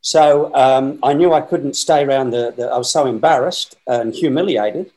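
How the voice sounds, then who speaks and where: An Australian man in his sixties, a guest telling a lively, rambling story with many fillers. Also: medium pitch, moderate pace, poor audio. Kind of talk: storytelling anecdote.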